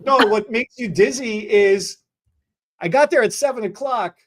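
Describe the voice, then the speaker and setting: A woman's voice: fairly high pitch, measured pace. A woman hairstylist in casual chat, telling work stories and acting out her clients in put-on voices. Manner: animated, acts out clients in put-on voices, laughs often.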